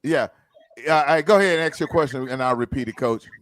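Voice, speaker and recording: Fast-talking host on a dry mic. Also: male voice, medium pitch, dry recording. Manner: quick, relays questions. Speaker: podcast host. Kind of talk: casual interview chat.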